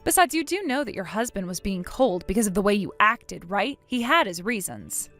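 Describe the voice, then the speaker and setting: A woman's voice: medium pitch, very animated, moderate pace, fairly bright tone, soft background music. A woman voicing a stern, cold young woman who scolds and refuses to forgive in a scripted drama.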